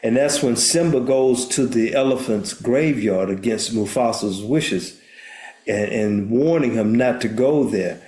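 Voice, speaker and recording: A man's voice: medium pitch, measured pace, darkish tone. An older man from the United States, a therapist and minister, telling a story as an interview guest in an earnest way, often restarting words. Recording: roomy echo.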